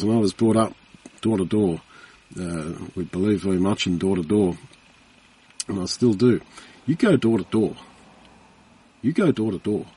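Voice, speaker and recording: A man's voice: lowish voice, a little mellow, husky. A man preaching a Bible teaching sermon in an earnest, conversational way, repeating phrases for emphasis. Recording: voice from far off the mic.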